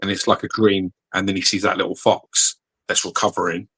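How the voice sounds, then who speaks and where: A man's voice: low-pitched, little pitch movement, fairly quick, pushed and bright, breathy edge, rough recording. A man chatting casually on a podcast, retelling a story loosely with lots of swearing. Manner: loose and sweary, with many fillers. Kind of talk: casual chat.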